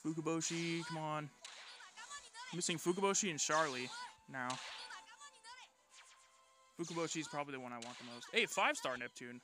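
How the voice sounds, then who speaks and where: A man muttering quiet, pleading reactions while pulling characters in a mobile game, swearing as he goes. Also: a little high, normal speed, pauses often, over music. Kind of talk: gacha pull reaction commentary.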